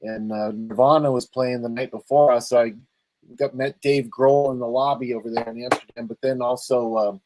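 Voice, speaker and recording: Steady in tone and somewhat dark, this mid-range male voice keeps a moderate pace despite poor audio. He's a talk show host from Los Angeles, chatting and rambling on a video call with his own show, laughing easily.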